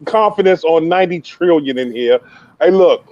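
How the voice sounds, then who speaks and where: A man's voice: a little high, expressive, moderate pace, lo-fi sound, crowd noise. A man hosting a casual podcast interview, talking in a hype, slangy, playful banter style. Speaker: podcast host interviewing a youth player.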